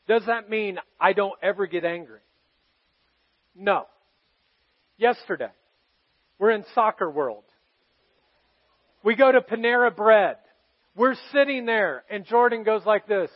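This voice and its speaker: A pastor with a noticeably high, expressive voice preaches a heartfelt sermon, confessing his own struggles to the congregation in earnest storytelling. He goes slowly with long pauses, swinging from ringing, loud emphasis to near-whispered moments. The recording sounds dull and muffled.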